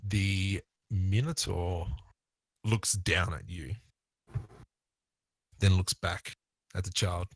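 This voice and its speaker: A man with an Australian accent narrating a tabletop game as game master, relaxed and thinking aloud. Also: deep voice, drawn-out words, long pauses, no room sound.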